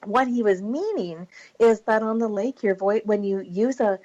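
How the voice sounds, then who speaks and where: A middle-aged woman telling a story in a casual interview, animated and laughing often. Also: mid-range voice, moderate pace, muffled recording. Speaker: podcast guest.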